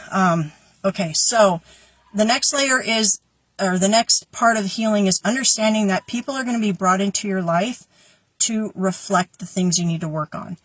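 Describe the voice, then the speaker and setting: A woman with a lowish voice chats to her viewers about inner healing, rambling into side tangents and laughing easily. The sound is dry and close. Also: dry recording. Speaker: spiritual guidance host. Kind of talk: casual spiritual talk to viewers.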